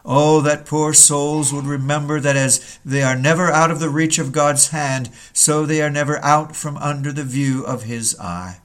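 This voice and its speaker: A man's voice: medium pitch, fairly bright tone. A man reading an old Puritan sermon aloud, earnest and building to urgent rhetorical questions.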